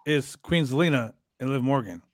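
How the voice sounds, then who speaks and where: A man's voice: medium pitch, animated, normal speed, dry recording, clean studio sound. Blunt, laughing podcast host man. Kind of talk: casual chat.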